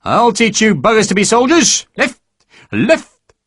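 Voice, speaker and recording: A man voicing a loud, bullying army sergeant who booms and barks orders. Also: wildly swooping pitch, moderate pace, full character voice. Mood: bawling orders. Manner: booming, barking orders.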